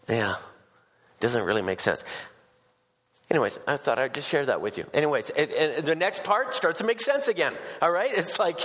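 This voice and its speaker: A man preaching a sermon, retelling a story in a casual, animated way. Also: a little high, normal speed, big-room sound. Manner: casual storytelling, animated voices for quoted people. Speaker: pastor.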